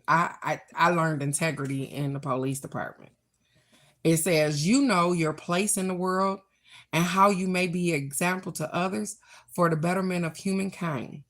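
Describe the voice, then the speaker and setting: Woman card reader, slow and deliberate delivery, earnest and affirming, talking straight to her viewers. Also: low voice. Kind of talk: reflective spiritual talk to viewers.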